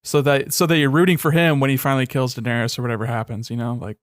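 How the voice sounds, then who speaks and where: A young man co-hosting a podcast, sardonic and profane, often dropping into a low, dismissive mutter. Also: flat delivery, fast talker, no room sound, clean studio sound. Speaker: podcast co-host. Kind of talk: casual chat.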